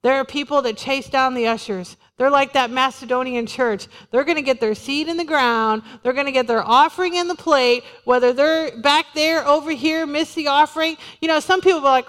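A woman's voice: high-pitched, moderate pace, hardly any pauses, a bit bright. A woman pastor preaching a sermon in a church, talking in a conversational way and repeating short refrains. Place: church sanctuary. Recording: long hall reverb.

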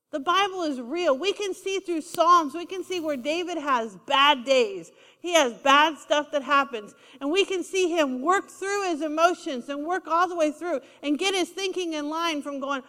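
A woman preaches a sermon in a very high, pushed, bright voice that rings through a large hall. She is emphatic, repeats key lines, and calls on the congregation for responses.

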